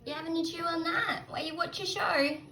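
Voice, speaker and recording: A woman's voice: extremely high pitch, quick pace, bright, forceful tone, slight background noise. A woman cooing affectionate, sing-song baby talk to her pet parrot in a casual home vlog. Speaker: parrot owner. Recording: roomy echo, faint music.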